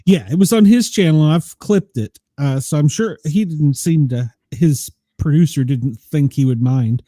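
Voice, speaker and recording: A man's voice: fairly high pitch, measured pace, mellow, no room sound, studio quality. A middle-aged man from the US South, hosting a casual chat show and telling stories, laughing often. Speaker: podcast host.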